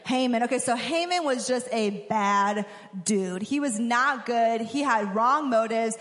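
A young woman giving a casual sermon, chatty and full of "like", acting out characters in quick asides. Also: fairly high pitch, fairly bright tone. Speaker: preacher. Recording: hall reverb.

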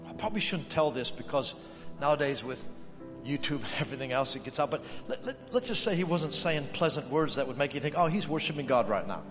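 A man's voice: a little high, quick pace. Storytelling male pastor in echoey hall. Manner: storytelling, animated quoted voices. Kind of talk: sermon. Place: church sanctuary. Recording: echoey hall with music behind.

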